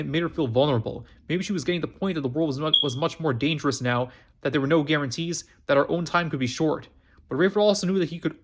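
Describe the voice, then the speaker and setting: His pitch a little high, this man reads a novel for his storytime channel in an amateur style. Stumbles are frequent, with words restarted and phrases repeated along the way.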